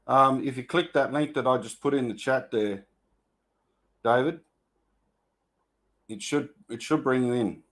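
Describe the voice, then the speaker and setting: An Australian man runs a casual live stream, calling out viewers' names with easy, friendly mateship. His voice sits at an everyday middle pitch, and he sounds relaxed and unhurried between greetings. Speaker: host. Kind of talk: casual livestream chat.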